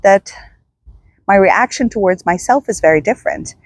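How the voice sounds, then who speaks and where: A middle-aged woman vlogger telling a personal story to the camera in a reflective, halting way, often restarting her sentences. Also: mid-range voice, no echo. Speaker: self-help vlogger.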